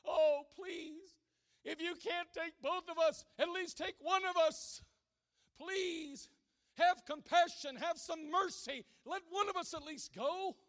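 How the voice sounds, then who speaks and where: A frantic young mother begging for mercy on a burning ship, as a male preacher acts her out. The voice jumps up high and rings out loud and impassioned, all pleading urgency. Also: slow pace, full character voice.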